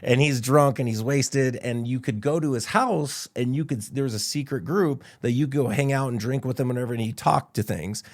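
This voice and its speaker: A middle-aged man from Idaho tells a story as a podcast guest, in an animated, casual way. His voice is gravelly and sits at an ordinary pitch. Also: moderate pace, few pauses. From Idaho, United States. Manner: animated, quotes people in character.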